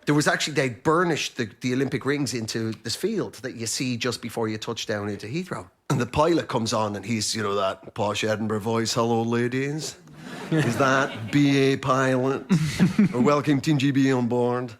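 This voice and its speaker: A man telling animated, self-mocking anecdotes as a guest on a comedy panel show. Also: medium pitch, moderate pace.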